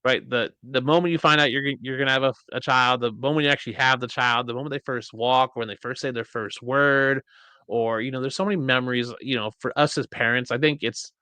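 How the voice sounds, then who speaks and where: A man hosting a podcast in a casual chat, telling stories in an animated way and acting out quotes. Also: medium pitch, fast, clean tone, dry recording. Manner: animated storyteller, acts out quotes. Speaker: podcast host.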